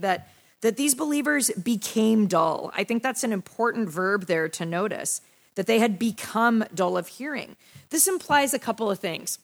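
A young woman with a fairly high voice leads a Bible study in a relaxed, talky way. She explains the passage like she is chatting with friends and keeps checking in with her listeners as she goes. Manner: conversational, frequent "right?" and "you know". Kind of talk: casual Bible study teaching.

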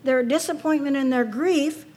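A woman's voice: sits high, normal speed, a little mellow. A woman preaching a sermon to a women's audience, earnest and personal, asking rhetorical questions.

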